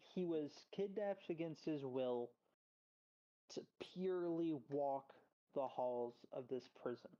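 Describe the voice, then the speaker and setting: A game master narrating a tabletop game and asking players what they want to do, halting and full of restarts. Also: mid-range voice, highs cut off.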